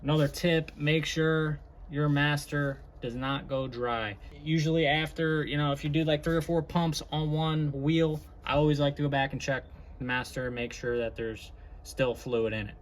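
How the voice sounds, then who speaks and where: A man's voice: fairly high pitch, steady tone, moderate pace, a little hiss or hum. A man casually chatting through a car job in his home garage, rambling and explaining as he works. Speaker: car hobby vlogger. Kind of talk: casual garage how-to chat.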